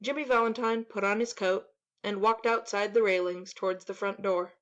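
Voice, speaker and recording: Expressive woman narrating a classic story. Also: mid-range voice, normal speed, dull audio. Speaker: audiobook narrator.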